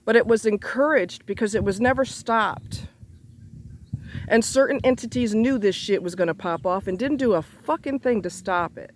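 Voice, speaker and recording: A woman ranting straight to her viewers in an angry monologue, full of cursing and repeated rhetorical questions, her voice jumping up high when she gets heated. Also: moderate pace, a little hiss or hum. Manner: indignant, profane, rhetorical questions, pitch leaps when heated.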